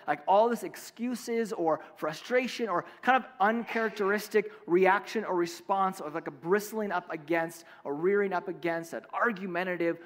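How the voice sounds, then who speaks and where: A man preaching a sermon in a relaxed, conversational way, full of fillers and restarts. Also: high-pitched, big-room sound. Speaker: pastor.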